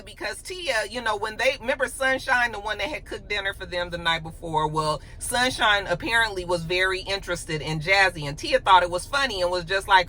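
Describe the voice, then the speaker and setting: A woman's voice: medium pitch, expressive, moderate pace, hardly any pauses, pushed and bright, slight background noise. A woman recapping a reality show in a casual, candid way, chatting with playful asides and slang.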